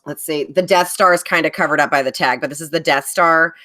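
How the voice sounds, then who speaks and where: A woman with a somewhat low voice chats as a guest on a live stream. Her talk is loose and rambling, full of fillers. She sounds casual and unscripted. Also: a little fast, fairly bright tone. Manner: chatty, rambling, many fillers. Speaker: guest, bag designer. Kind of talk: casual chat.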